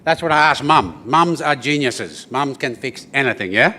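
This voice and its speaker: A man, telling stories and teaching didgeridoo to a live audience in a lively, joking way, checking in with the crowd. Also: mid-range voice, moderate pace, hardly any pauses. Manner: lively, joking, addresses the crowd with "yeah?" tags. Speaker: didgeridoo performer. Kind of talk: storytelling performance to an audience. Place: event venue with an audience.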